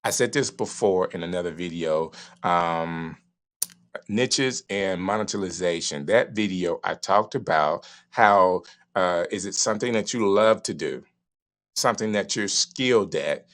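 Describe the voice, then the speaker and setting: A middle-aged man with a Southern US accent, hosting a live stream from his studio and giving emphatic, animated advice. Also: unhurried. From Southern United States. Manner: animated, emphatic, varying pitch and pace. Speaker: live streaming show host. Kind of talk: casual advice talk to a live audience.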